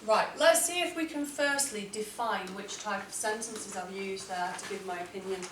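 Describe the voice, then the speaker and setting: A woman's voice: medium pitch, a bit bright, far from the mic, a little hiss or hum. Woman teaching in an echoey classroom. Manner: clear, deliberate, emphatic reading of model texts. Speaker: English teacher. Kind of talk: classroom writing lesson.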